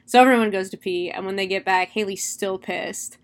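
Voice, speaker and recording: A young woman casually recapping a horror film, chatty and animated, swearing freely. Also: medium pitch, brisk. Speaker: movie reviewer.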